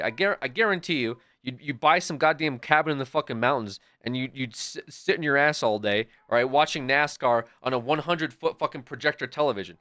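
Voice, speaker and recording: A young man streaming, chatting casually in a rambling, excitable and profane way. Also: mid-range voice, dry recording. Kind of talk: casual chat.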